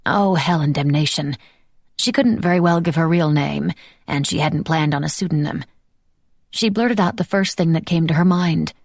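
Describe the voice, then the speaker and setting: Brief: audiobook narrator, woman, gravelly texture, dry close sound. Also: deep voice, normal speed, no echo.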